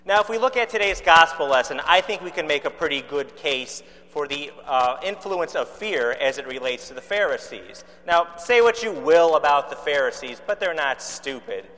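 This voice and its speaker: A pastor from Chicago preaches in an easy, conversational way. He asks rhetorical questions and drops in dry humor. His voice sits a little high, and a long reverb from the church hangs behind it. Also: animated, normal speed, hardly any pauses, bright, forceful tone. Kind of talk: sermon.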